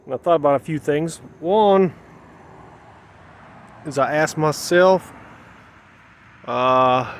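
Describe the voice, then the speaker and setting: A man's voice: on the high side, takes it slowly, long pauses, slight background noise. A man talking to his camera in a rambling, emotional way, repeating himself as he questions his own feelings, outdoors. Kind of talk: personal vlog monologue.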